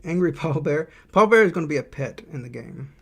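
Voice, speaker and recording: Gravelly man thinking aloud on stream. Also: a little high, animated, a little fast, fairly bright tone. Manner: thinks aloud, rambling, reads chat aloud. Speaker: indie game developer streaming. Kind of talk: casual livestream chat while drawing.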